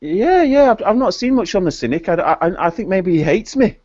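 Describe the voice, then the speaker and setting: A man's voice: high voice, sing-song, a little fast, darkish tone, dry recording. A man in a casual group chat, opinionated and hesitant, often repeating his words. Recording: dull lo-fi online call audio.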